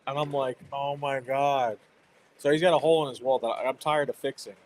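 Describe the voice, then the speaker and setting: A man's voice: medium pitch, racing, a little mellow, a little hiss or hum, low-quality recording. A man in his thirties hosting a stream, chatting casually about parenting and laughing often. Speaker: livestream host. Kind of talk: casual chat.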